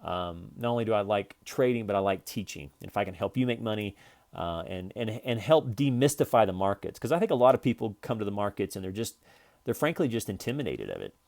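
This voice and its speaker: Male trading instructor, low-pitched, casual and wandering, records from his computer. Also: big pitch swings, fast, vocal fry, darkish tone. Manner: loose, jokey, rambling with fillers and restarts. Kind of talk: casual screen-share trading lesson.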